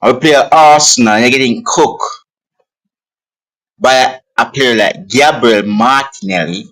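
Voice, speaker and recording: A man in a casual football chat, ranting in an animated, exasperated way with non-native grammar. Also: mid-range voice, a little slow, creaky, rough recording.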